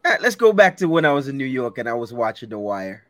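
A man from Jamaica, a cohost in casual podcast chat, telling lively stories and laughing often. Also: medium pitch, fast talker, hardly any pauses, no room sound. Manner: animated storyteller, laughs often.

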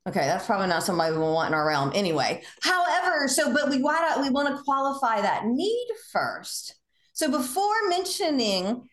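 A woman with a Southern US accent hosting a podcast, coaching in a casual, animated way and acting out sample conversations. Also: on the high side, moderate pace, echoey room. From Southern United States. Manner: animated, acts out sample dialogue in lively voices. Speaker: podcast host.

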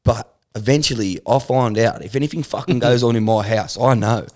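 A man's voice: medium pitch, brisk, a little mellow. A young Australian man telling crude stories in casual chat, swearing constantly and acting out quoted people.

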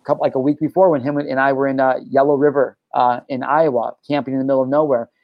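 A young adult man hosting a podcast, telling stories in an excitable, profane, casual way, full of bro and dude. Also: medium pitch, fast talker, gravelly, no room sound, muffled recording. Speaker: podcast host. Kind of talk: casual chat.

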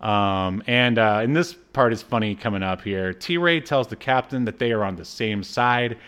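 A man's voice: on the low side, moderate pace, a bit bright, smooth. A man co-hosting a podcast, casually recapping a cartoon episode with jokes and lots of fillers. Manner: laid-back, joking, many fillers. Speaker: podcast co-host.

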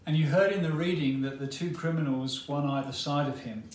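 A male preacher giving a sermon, retelling a story dramatically with long pauses. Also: a little high, darkish tone, slight background noise. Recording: roomy hall, mic at a distance, faint ambience.

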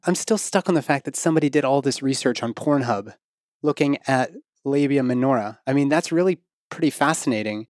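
A woman with an unusually deep voice hosts a podcast interview. She answers with dry, joking asides and laughs along, recorded close and dry with no room sound. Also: a little fast, a little mellow, no room sound. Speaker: podcast host. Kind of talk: casual interview talk.

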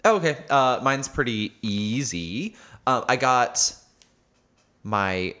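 A man in his thirties co-hosting a podcast in casual chat, gushing and animated and swearing freely. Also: mid-range voice, takes it slowly, smooth. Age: 30s. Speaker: podcast co-host.

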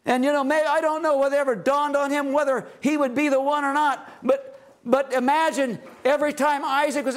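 A middle-aged man preaching a sermon at a family retreat, rising to loud exhortation and dropping to hushed, low phrases. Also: level tone, fairly quick.

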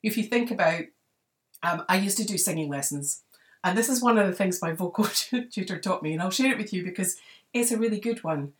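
A woman's voice: medium pitch, expressive, brisk, far from the mic. A woman hosting a podcast, giving advice in a chatty way, often saying "you know" as she goes. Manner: conversational, many "you know" fillers. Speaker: podcast host. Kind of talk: solo advice talk.

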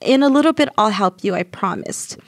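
A woman's voice: medium pitch, expressive, a little fast, dry recording, clean studio sound, natural voice. A woman voicing her anxious husband, who pleads and stalls when asked to help. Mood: pleading. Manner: pleading, reluctant.

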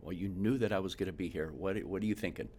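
Deep-voiced man telling lively stories. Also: fast talker, a little hiss or hum. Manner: animated storyteller, acts out quotes, frequent restarts. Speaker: home inspector. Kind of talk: casual storytelling interview.

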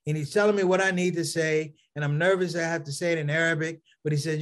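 A male stand-up comedian tells his audience a story, addressing them as brothers and sisters. He talks quickly with few pauses, swinging between low asides and shouted punchlines.

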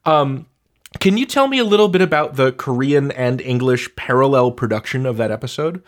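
Male interview host, mid pitch, effusive and excited. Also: a little fast. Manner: enthusiastic, effusive praise. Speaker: podcast host. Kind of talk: casual interview.

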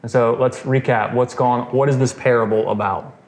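Bible study leader, male, mid-pitched, easygoing teaching talk, recorded in an echoey room with faint hiss. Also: fairly even intonation, moderate pace, a crowd in the background. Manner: casual, quizzes the group, frequent "okay" and "right". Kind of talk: conversational scripture teaching. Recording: roomy echo, faint noise.

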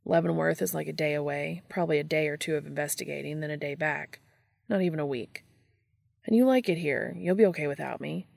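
A woman's voice: low-pitched, brisk, gravelly, darkish tone, no echo, studio quality, exaggerated voice. Dean, a woman doing a defensive restless hunter. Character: restless, guilty male monster hunter.

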